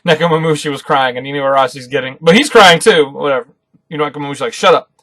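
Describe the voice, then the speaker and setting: Guy reading a manga chapter out loud and reacting, kinda high voice, dry close mic. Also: fast talker, no room sound. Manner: reads dialogue aloud then comments excitedly, laughing. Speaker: reaction video host. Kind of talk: live manga read-aloud and reaction.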